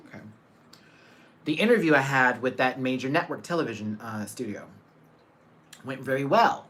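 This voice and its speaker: Male streamer, animated and chatty with his audience, voice full of ups and downs. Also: medium pitch, normal speed, long pauses. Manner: animated, chatty, laughs often; reads out and greets viewers by name. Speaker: livestream host. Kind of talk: casual live chat with viewers.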